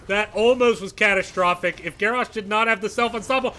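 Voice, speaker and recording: A man giving live play-by-play commentary on an esports match, calm between plays and shouting with excitement at big fights. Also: sits high, a little fast, few pauses, a little hiss or hum. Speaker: esports caster.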